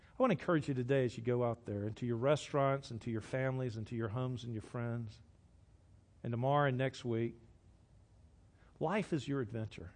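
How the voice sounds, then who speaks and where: A man's voice: medium pitch, fairly quick. Man preaching a sermon. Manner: storytelling, drops to a soft hush for quoted lines. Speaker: pastor.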